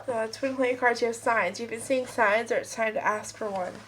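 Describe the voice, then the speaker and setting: A woman's voice: fairly high pitch, fairly even intonation, normal speed, fairly bright tone, a little hiss or hum, low-quality recording. A woman with a stuffed-up, sniffly nose giving a casual pick-a-card tarot reading at home, chatting and rambling straight to her viewers. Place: at home with kids and a puppy nearby.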